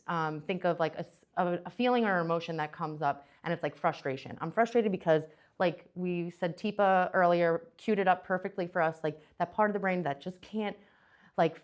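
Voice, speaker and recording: A young adult woman giving a casual talk as a presenter, chatty and full of fillers and restarts. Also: lowish voice.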